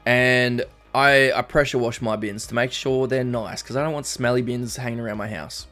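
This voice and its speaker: A man's voice: medium pitch, fairly even intonation, moderate pace, bright, forceful tone. A young Australian man casually chatting on a live stream, rambling and reading chat messages aloud. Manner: rambling, reads chat aloud, frequent ums. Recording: faint background music.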